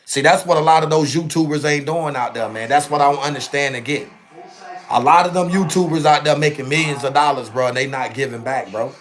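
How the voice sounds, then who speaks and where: Young male streamer, casual and animated, slightly high voice, peppers his talk with "bro" and "man". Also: a little fast, a little hiss or hum. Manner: animated, repetitive, ends phrases with "bro" and "man". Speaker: channel host.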